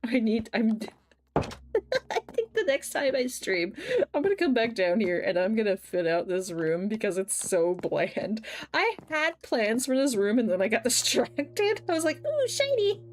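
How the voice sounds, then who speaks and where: A woman's voice: very animated, unhurried, slight background noise. A woman chatting casually while livestreaming a video game, swearing freely and reading chat messages aloud. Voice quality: medium-pitched voice she wishes were deeper. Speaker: streamer.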